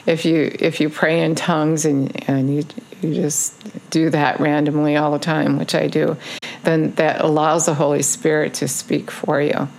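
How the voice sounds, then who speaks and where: Low, gravelly woman preaching. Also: level tone, measured pace, darkish tone. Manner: earnest, repetitive exhortation with frequent ums. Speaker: online preacher. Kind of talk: casual video sermon.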